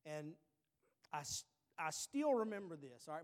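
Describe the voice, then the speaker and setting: A man's voice: a little high, very animated, normal speed, pauses often. A man in his thirties preaching a sermon as pastor, earnest, repeating his questions and checking in with "all right.". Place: church sanctuary. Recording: long reverb in a hall.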